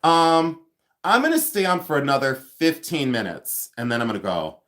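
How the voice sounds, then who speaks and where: A man from the United States hosting a casual livestream from his home. He jokes, laughs a lot and talks loudly, and he has a runny nose. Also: medium pitch, normal speed. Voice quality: animated and joking, laughs often. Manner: loud, calls out from across the house. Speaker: livestream host. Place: home, moving between rooms.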